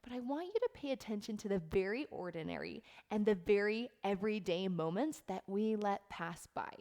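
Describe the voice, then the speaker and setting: A middle-aged woman coach talks to camera in an earnest, heartfelt way. Her delivery is soft and unhurried, and she repeats words for emphasis. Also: mid-range voice, expressive. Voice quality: earnest and heartfelt, close to tears at times. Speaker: life coach. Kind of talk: reflective talk to camera.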